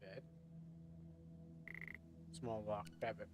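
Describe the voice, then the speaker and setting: A man's voice: lowish voice, flat delivery, very slow, background noise. Subdued man reading game text. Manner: subdued, hesitant reading with restarts. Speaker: game streamer. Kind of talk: reading game text aloud during a playthrough. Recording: long reverb with faint game music.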